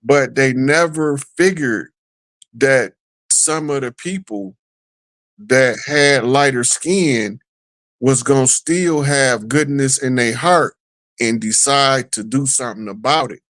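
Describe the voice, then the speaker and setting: A man's voice: medium pitch, slow pace, fairly bright tone, dry recording, rough recording. A man appearing as a guest on a talk show, speaking in a loose, rambling, conversational way. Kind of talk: casual talk show chat.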